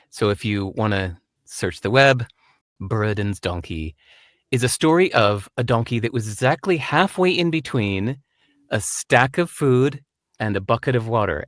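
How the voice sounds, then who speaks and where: A man being interviewed who tells stories in an animated way and acts out the voices. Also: lowish voice, no room sound, studio quality. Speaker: guest. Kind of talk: conversational interview, storytelling.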